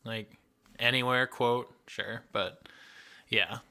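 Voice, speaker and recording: A man co-hosting a casual film podcast, laid-back and wry. His voice has a sharp, bright tone at a middle pitch. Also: steady tone, takes it slowly. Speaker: podcast co-host. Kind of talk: casual film discussion chat.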